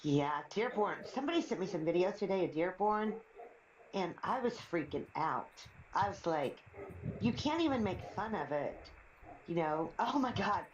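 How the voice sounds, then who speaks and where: A woman's voice: fairly low pitch, expressive, normal speed, slight background noise. A middle-aged woman chatting casually on a live stream, rambling through stories and laughing often. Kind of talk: casual chat. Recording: roomy, slightly dull stream audio.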